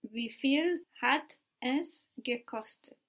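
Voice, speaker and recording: A woman's voice: high-pitched, takes it slowly, fairly bright tone. A woman learning a language, answering her tutor with careful, hesitant replies. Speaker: language student.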